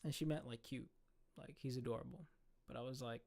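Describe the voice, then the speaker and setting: A young man casually telling a story, animated and profane, full of slang. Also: mid-range voice, brisk, vocal fry.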